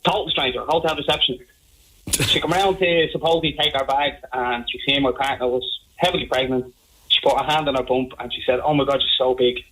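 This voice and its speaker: Fast-talking Irish man on a phone line. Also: medium pitch. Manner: animated, repeats himself while telling a story. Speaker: caller. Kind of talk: phone-in storytelling. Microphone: telephone.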